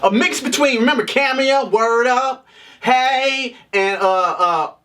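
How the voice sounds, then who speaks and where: A man's voice: very high voice, measured pace, sharp tone, distant mic. A man giving a casual, comedic movie review, joking and swearing as he rants. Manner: profane, joking rant with frequent laughs.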